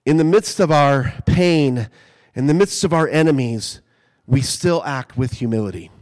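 A man preaching a sermon in a conversational way, building to emphatic peaks. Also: a little high. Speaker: pastor.

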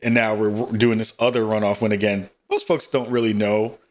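A man's voice: fairly low pitch, fairly even intonation, brisk. A man hosting a podcast interview, earnest, asking long winding questions with fillers. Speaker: podcast host. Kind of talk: casual interview.

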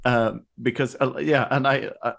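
Halting, restart-prone man telling stories. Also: mid-range voice, fairly even intonation, creaky, a bit bright. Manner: halting, many restarts, laughs often. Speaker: podcast guest. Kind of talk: casual chat.

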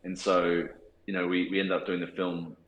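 A man's voice: deep voice, little pitch movement, moderate pace, fairly bright tone, echoey room, poor audio. A man in his forties with an Australian accent, a cinematographer talking thoughtfully in an interview, with many restarts and fillers. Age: 40s. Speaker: cinematographer guest. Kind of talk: casual interview talk.

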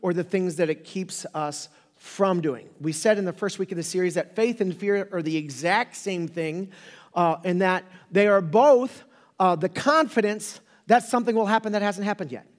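A man's voice: high-pitched, normal speed. A middle-aged man, a pastor, giving a casual, humorous sermon full of rambling stories and jokes. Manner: joking, rambling, animated storytelling. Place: church sanctuary. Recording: long reverb of a church hall.

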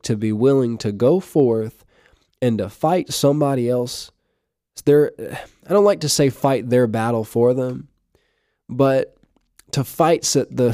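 A man giving a short devotional podcast talk, halting with fillers and restarts, reading scripture aloud. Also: medium pitch, mellow, no echo, clean studio sound. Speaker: podcast preacher.

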